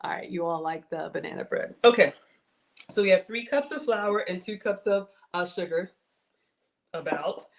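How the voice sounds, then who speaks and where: In a lowish voice at normal speed, a woman with a Southern US accent hosts a casual home-kitchen cooking livestream. She chats with viewers and makes light of herself as she goes.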